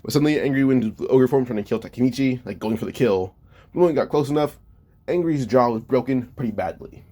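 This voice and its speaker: A man's voice: mid-range voice, fast, dark tone. A man casually narrating a fan-made story in a loose, stumbling way, often correcting himself mid-sentence.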